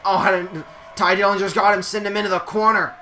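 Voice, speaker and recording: Bright, excitable game commentator man. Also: high voice, quick pace. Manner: excitable, jokey, shouts at big moments. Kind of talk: playful play-by-play commentary.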